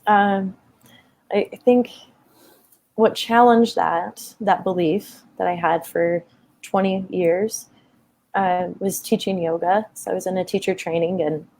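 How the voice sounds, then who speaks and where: A woman's voice: lowish voice, steady tone, measured pace, darkish tone, a little hiss or hum. A woman in her thirties telling a personal story in a conversation, open and emotional, with many fillers. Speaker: guest.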